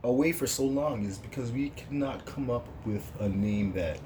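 A man's voice: mid-range voice, dark tone, slight background noise. A man co-hosting a casual talk show, chiming in with short, playful quips and teasing. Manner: short quick interjections, playful ribbing. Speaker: podcast co-host. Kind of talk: casual chat.

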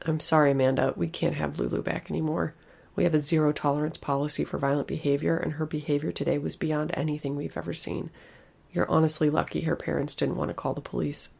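A woman voicing a stern, judgmental middle-aged daycare director who speaks in measured tones. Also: sits low, little pitch movement, vocal fry, darkish tone, breathy edge, exaggerated voice.

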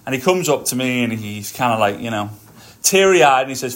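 A man hosting his own podcast, telling stories in an energetic motivational monologue while walking on a treadmill. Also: mid-range voice, brisk. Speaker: podcast host.

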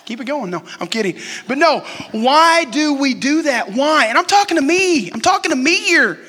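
A man's voice: very high voice, big pitch swings, moderate pace, bright, forceful tone. A pastor in his forties preaching a sermon in a church sanctuary, chatty and joking, often asking the congregation questions. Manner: conversational, asks the crowd questions and jokes. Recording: long hall reverb.

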